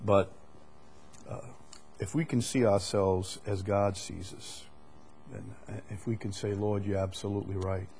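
A man teaching the Bible in a conversational way, deliberate, often repeating words with frequent fillers. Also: fairly low pitch, steady tone, gravelly, darkish tone, slight background noise.

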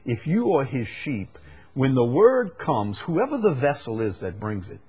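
A man preaching to his church congregation, his husky voice leaping between high, ringing emphasis and hushed low stretches. He keeps asking his listeners rhetorical questions as he drives his points home. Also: big pitch swings, measured pace. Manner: swings between loud emphatic peaks and low, quiet stretches. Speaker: pastor. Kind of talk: sermon.

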